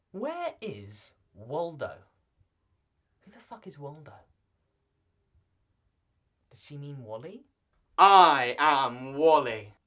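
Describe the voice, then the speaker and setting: A young man playing a vlogger who answers viewer questions in a scripted, in-character video. He talks in a playful, joking way and rambles into asides. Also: mid-range voice.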